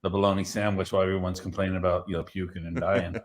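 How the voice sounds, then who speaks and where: A man's voice: low voice, level tone, racing. A man co-hosting a live stream, dropping dry joking interjections. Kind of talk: casual live-stream chat.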